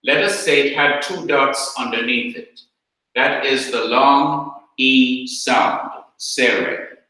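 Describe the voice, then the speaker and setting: A man with a Jamaican accent teaching Hebrew grammar in a slow, deliberate classroom lecture, repeating his points. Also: medium pitch, bright, forceful tone. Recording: very echoey room.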